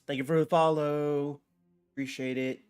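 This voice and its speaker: A man's voice: fairly high pitch, flat delivery, normal speed, darkish tone, smooth. A man streaming a video game, chatting casually and rambling with lots of restarts and fillers as he answers viewers. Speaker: gaming streamer. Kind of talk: casual live-stream chat while gaming.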